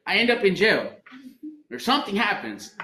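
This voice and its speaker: This man's high voice has a sing-song quality and a moderate pace. Sharing his story candidly in a recovery program meeting room, he swears and laughs along the way; the room echoes and there is faint background noise.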